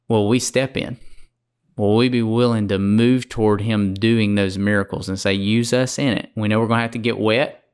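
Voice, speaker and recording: A man from Alabama with a Southern accent, preaching as a podcast guest in a fervent, folksy way. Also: lowish voice.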